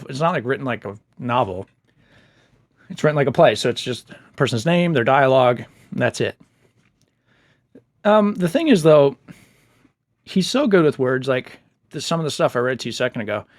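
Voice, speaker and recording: A man's voice: medium pitch, no echo, studio quality. A man casually reviewing a book he loved, enthusiastic and chatty, laughing easily.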